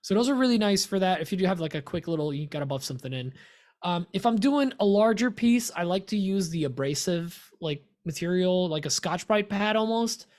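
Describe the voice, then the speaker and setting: A man's voice: high-pitched, lively intonation, a little fast, darkish tone. An American man co-hosting a woodworking podcast, chatting casually and rambling with fillers and laughs. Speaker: podcast co-host. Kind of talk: casual chat.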